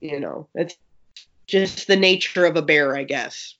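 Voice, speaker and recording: Chatty woman co-host, winded from illness, rushes her words, slightly dull recording. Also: low-pitched, a bit bright. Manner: rapid, rambling, lots of restarts and fillers. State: out of breath from being sick. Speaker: podcast co-host reviewing a game book. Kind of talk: casual chat. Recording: slightly muffled lo-fi audio.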